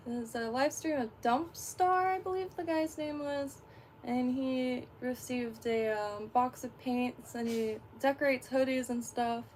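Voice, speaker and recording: A woman's voice: high-pitched, a little slow, a little mellow, slight background noise. A woman from Florida chatting on a livestream, rambling with lots of fillers and frequent laughs. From Florida, USA. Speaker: fishing livestreamer. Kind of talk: casual livestream chat.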